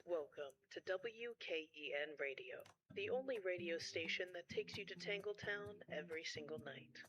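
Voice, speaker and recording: A man voicing a breathy, high-voiced radio station announcer in a whispered role-play, set back from the microphone. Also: moderate pace, a bit bright, muffled recording, slight background noise. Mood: announcing.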